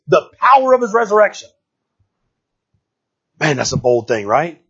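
A pastor preaching a casual, conversational sermon with frequent rhetorical "right?" asides, swinging from low murmurs to shouted outbursts. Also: male voice, big pitch swings, normal speed, pauses often, husky, muffled recording.

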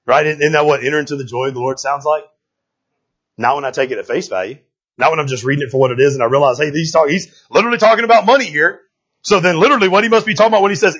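A man preaching a sermon in a conversational, animated way, often checking in with his listeners. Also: fairly high pitch, fast talker, slightly rough, dull audio. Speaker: pastor.

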